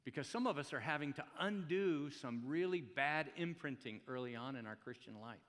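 This pastor's voice is on the high side, animated, fairly bright, and moderately paced. He delivers a conversational, jokey sermon in a church hall full of long reverb, asking his congregation rhetorical questions.

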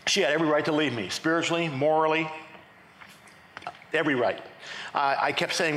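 A middle-aged male pastor telling his testimony in a lively sermon, often restarting his sentences. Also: fairly high pitch, a little fast, slight background noise. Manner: animated storytelling with repeated restarts. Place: large church sanctuary. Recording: echoey church hall.

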